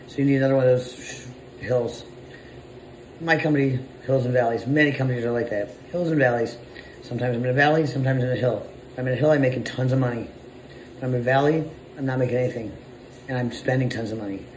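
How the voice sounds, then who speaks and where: A man's voice: mid-range voice, fast talker, darkish tone, reverberant, a little hiss or hum, poor audio. A man, a business owner, giving a blunt, casual motivational monologue full of swearing. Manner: blunt, profane, conversational.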